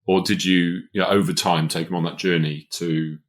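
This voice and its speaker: A man's voice: deep voice, level tone, normal speed. A man hosting a podcast, giving career advice in a casual, emphatic way and chuckling often. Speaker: podcast host, business consultant.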